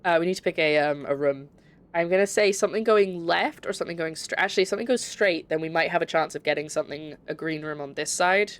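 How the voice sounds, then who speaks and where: A woman's voice: lowish voice, fast talker. A young woman from Scotland with a light Scottish accent, chatting casually and rambling as she streams a game and reads chat. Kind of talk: casual gameplay commentary.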